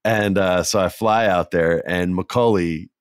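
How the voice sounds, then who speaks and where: Man, podcast host, very low voice, dry close sound, rambling anecdotes with jokes on the side. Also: steady tone, measured pace, no echo. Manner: rambling, joking asides. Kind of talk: casual storytelling.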